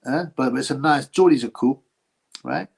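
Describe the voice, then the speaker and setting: A man's voice: mid-range voice, moderate pace, creaky, slightly rough. A man hosting a casual boxing livestream, rambling, slangy and mocking, often laughing as he talks. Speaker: boxing channel host.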